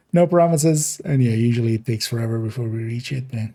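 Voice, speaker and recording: A man's voice: medium pitch, normal speed, mellow. Man rambling through gameplay commentary. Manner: rambling, chuckling often, self-correcting. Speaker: streamer.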